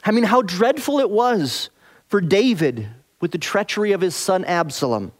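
A man preaching an expository sermon, earnest, dropping soft and slow on key phrases. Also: sits high, animated. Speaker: pastor.

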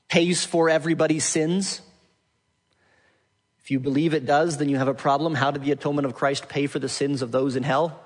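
A man preaching a sermon, teaching from Scripture and building to emphatic, forceful points. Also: fairly high pitch. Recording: long hall reverb.

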